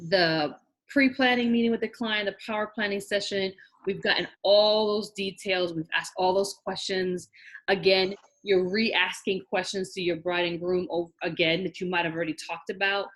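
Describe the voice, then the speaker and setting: A woman's voice: mid-range voice, fairly bright tone. Chatty woman teaching an online class. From New York. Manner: chatty, laughs often, firm and direct. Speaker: wedding planning instructor.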